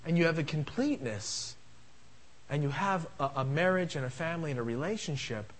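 A middle-aged pastor delivers a sermon in a fairly high, brisk voice, telling family anecdotes with humor and playing both sides of each conversation. The audio is poor, with slight background noise.

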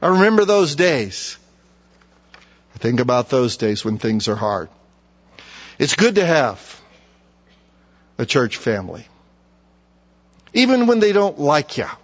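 Folksy preacher in a reverberant church. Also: male voice, mid-range voice, sing-song. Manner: folksy preaching, slows for emphasis, acts out mockers. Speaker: pastor. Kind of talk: sermon. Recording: dull sound with long reverb.

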